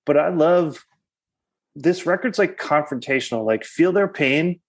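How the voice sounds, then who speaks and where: A man talking as a podcast guest in casual chat, animated and full of swearing and "like". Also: a little high, measured pace. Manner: animated, swears, heavy use of "like".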